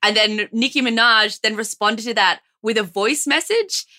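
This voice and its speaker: An Australian woman with a high, bright voice, chatting and joking on a comedy podcast. Her talk is animated and quick to break into laughter. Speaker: comedian guest. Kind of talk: casual comedy podcast banter.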